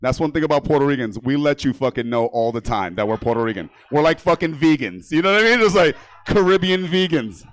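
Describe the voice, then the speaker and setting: This stand-up comedian from New York is brash and foul-mouthed, laughing at his own material during a set on a comedy theater stage. He speaks in a slightly high, animated voice at a quick pace with hardly any pauses, and there's no room sound.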